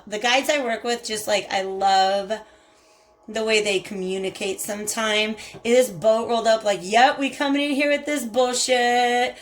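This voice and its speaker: A woman with a Southern US lilt talks her way through a tarot spread in a slightly raised voice. She is effusive and conversational, gushing over the cards and turning to her viewers again and again. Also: a little high. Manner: chatty and effusive, addresses viewers as "you guys". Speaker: tarot reader. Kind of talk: casual spiritual tarot reading.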